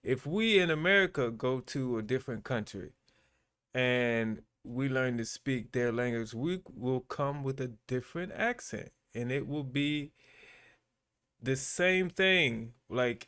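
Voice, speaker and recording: A man's voice: medium pitch, takes it slowly, a bit bright, clear, resonant tone. A man hosting his own channel, giving laid-back, chatty commentary with frequent fillers. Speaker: vlogger and host. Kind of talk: casual commentary.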